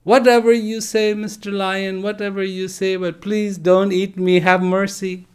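A man's voice: sits high, level tone, unhurried, clear, resonant tone, pitched above the performer's own voice. A man voicing a frightened young male lion cub who thinks he is a lamb and begs timidly for mercy. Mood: pleading. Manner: pleading, timid.

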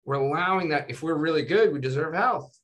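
A man's voice: fairly high pitch, a little fast. A man speaking as a physician guest in a casual interview, telling stories animatedly and tagging his sentences with "right?" and "you know". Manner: animated storytelling, tags 'right?' and 'you know'.

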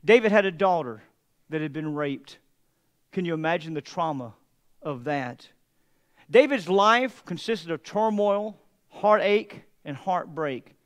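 A man pastor preaching a sermon, moving from hushed, heavy passages to emphatic, mocking asides. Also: on the high side, animated, unhurried.

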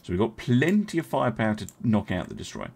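A young man casually commenting as he streams a strategy game, thinking aloud, chatting with his viewers and filling pauses with many ums and uhs. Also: on the low side, huge pitch swings, creaky, darkish tone, slight background noise.

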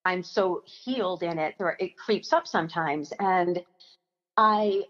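A young woman, a company founder, telling a personal story in a podcast interview, halting and emotional with frequent restarts. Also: fairly low pitch, fairly bright tone, dull audio. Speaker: guest, company founder and chef.

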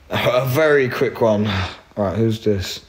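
A man's voice: medium pitch, slow. A young man, chatting casually on a phone live stream, laid-back and slangy with plenty of swearing. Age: 20s. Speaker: livestream host.

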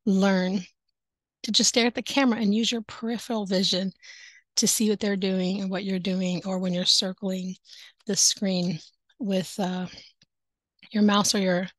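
A woman's voice: mid-range voice, flat delivery, measured pace, pauses often, dry recording. A woman teaching online, giving casual tips to other teachers in an upbeat, chatty way, speaking into a headset. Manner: upbeat, chatty, laughs often. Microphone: headset with headphones.

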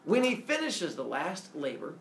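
Brief: male teacher, gravelly, lively storyteller, roomy classroom, heard from across the room. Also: on the high side, moderate pace, a little hiss or hum. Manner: animated, playful, asks the class questions. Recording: echoey classroom from far off.

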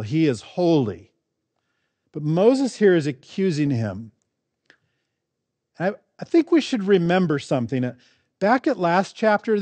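Earnest pastor with a higher voice. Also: male voice, darkish tone, dry recording. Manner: earnest, asks many rhetorical questions. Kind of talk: sermon.

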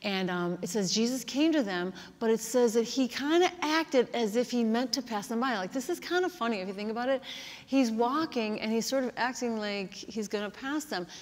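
A woman's voice: a little high, lively intonation, moderate pace, darkish tone. A woman pastor preaching a sermon in an earnest, conversational way, often saying "like" and "kinda.". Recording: long hall reverb.

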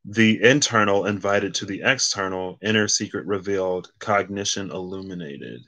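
Brief: man, somewhat low pitch, forceful bright edge, rambling casual card reader. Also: normal speed. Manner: rambling, self-correcting, reads card meanings aloud. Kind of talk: casual solo card reading.

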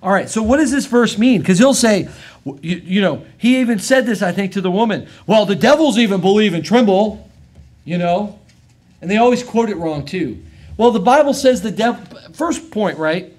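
High-voiced emphatic American preacher. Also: male voice, expressive. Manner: emphatic preaching, swinging between loud and quiet; reads scripture aloud in a measured cadence. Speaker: pastor. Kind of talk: sermon. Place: church service.

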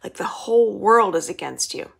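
A woman's voice: mid-range voice, animated, moderate pace, vocal fry, fairly bright tone, breathy edge, exaggerated voice. A woman reading aloud, voicing a teasing fifteen-year-old older brother in a whisper.

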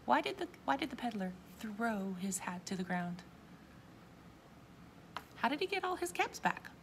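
A woman reading a picture book aloud to children, expressive and asking her young listeners questions. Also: on the high side, measured pace, slight background noise. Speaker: children's story reader.

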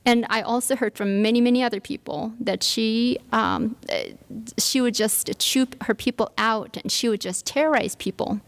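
A woman's voice: on the high side, very animated, normal speed. A woman giving a workshop talk, telling a personal story with many fillers and restarts. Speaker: workshop speaker. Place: lecture room.

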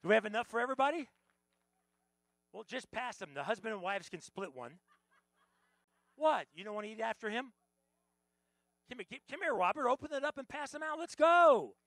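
An American man preaching a lively Palm Sunday sermon in church, joking with the congregation and breaking into sudden loud exclamations. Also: extremely high pitch, a little fast, pauses often. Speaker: pastor. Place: church sanctuary.

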